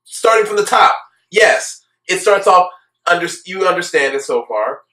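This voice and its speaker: A young man with a fairly high voice rants his way through a casual review, sarcastic and exasperated, leaning hard on words he wants to stress. The recording has a noticeable roomy echo. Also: expressive, normal speed, bright, forceful tone. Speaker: anime reviewer. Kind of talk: casual ranting commentary.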